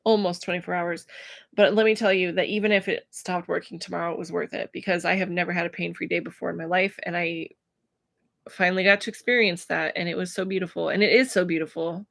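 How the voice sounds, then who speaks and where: A woman talking to camera about her feelings in a personal vlog, emotional and searching for words, with many pauses and fillers. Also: fairly low pitch, steady tone, vocal fry, a bit bright, no room sound, studio quality. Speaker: vlogger.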